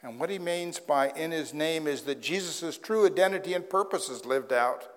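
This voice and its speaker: A man's voice: fairly high pitch, normal speed. A man preaching a sermon as pastor in a conversational way, with wry asides. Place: church sanctuary. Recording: long hall reverb.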